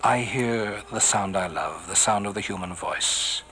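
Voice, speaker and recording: Bright-voiced man reciting poetry dramatically. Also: fairly low pitch, a little slow, slight background noise, rough recording. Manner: theatrical, drops to a hushed whisper on refrains. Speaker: poetry reader.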